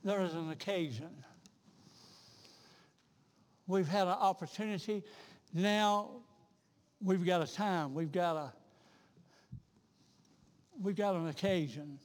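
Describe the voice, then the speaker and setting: A man preaching a revival sermon in a church, talking in a rhythmic, repetitive way that swells into loud, fervent peaks. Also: high-pitched, takes it slowly, long pauses, in a large hall. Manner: rhythmic, repeats himself, builds to loud fervent crescendos. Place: church sanctuary.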